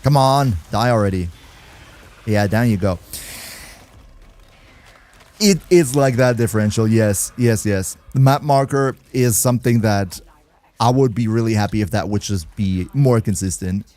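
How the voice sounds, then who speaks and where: A man's voice: lowish voice, measured pace, long pauses, darkish tone. A man streaming a game live, chatting casually, laughing often and answering viewers in the chat as he plays. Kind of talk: casual livestream gameplay commentary.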